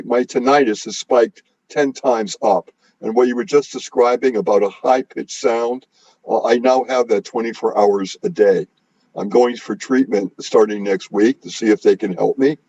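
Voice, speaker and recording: A man interviewing a guest in a conversational, halting way with many fillers. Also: mid-range voice, warm tone, no room sound, highs cut off. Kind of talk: casual interview talk.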